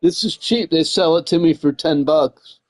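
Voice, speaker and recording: A man's voice: on the high side, normal speed, no room sound, studio quality, soft background music. Rambling, profane guy. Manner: rambling, profane, says "man" and "dude" a lot. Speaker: gaming streamer. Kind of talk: casual rambling chat.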